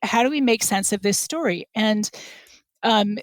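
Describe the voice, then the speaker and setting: A woman scholar explains her research as a podcast guest, pausing often and restarting her sentences as she thinks. Her voice sits at a middle pitch and is recorded dry and close. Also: dry recording. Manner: thoughtful, hesitant, with many fillers and restarts.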